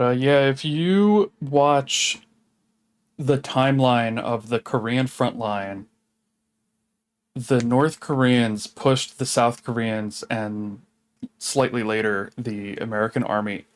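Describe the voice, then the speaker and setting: A man's voice: mid-range voice, slow pace, poor audio. Casual man chatting while gaming. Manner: relaxed, rambling, swears casually. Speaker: streamer.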